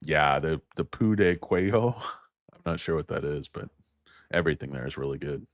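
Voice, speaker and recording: A man hosting a stock market show, rambling in casual chat with crude, self-mocking jokes and quick lists of stock moves. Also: a bass voice, no room sound, studio quality. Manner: crude, self-mocking, riffs into jokey tangents; rattles off stock moves in a flat list.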